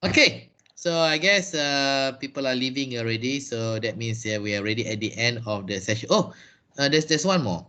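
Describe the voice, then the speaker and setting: His medium-pitched voice is bright and forceful, with lively intonation and a moderate pace. The man, who has a Malaysian accent, runs an English Q&A session on a video call, explaining step by step and answering patiently.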